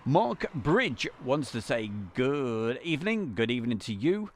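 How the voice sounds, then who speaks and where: A chatty man hosts a live stream from inside a van, calling out viewers' names as he greets them. His pitch rises and falls in a lively, sing-song way, sitting right in the middle for a man. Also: measured pace, a little hiss or hum. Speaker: livestream host.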